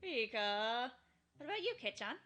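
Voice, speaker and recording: A woman's voice: a little high, lively intonation, brisk, fairly bright tone, muffled recording. A bold, caring teenage girl, voiced by a woman. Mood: pleading. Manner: earnest, rousing. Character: teenage girl, bold, warm-hearted club leader. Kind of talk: visual novel fan dub.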